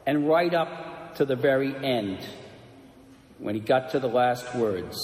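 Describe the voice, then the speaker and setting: A male priest delivers a sermon with an unhurried, deliberate pace, letting each phrase settle. His voice sits at an ordinary middle pitch. The sound carries a long, ringing church reverb around it. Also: expressive, darkish tone. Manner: slow, measured storytelling delivery.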